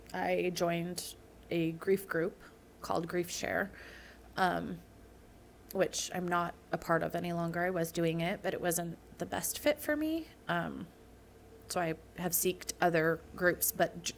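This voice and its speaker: Casting note: woman in her thirties, low-pitched and gravelly, earnest interview guest, faint hiss behind. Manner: earnest, personal storytelling. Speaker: podcast guest. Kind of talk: candid interview conversation. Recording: faint background noise.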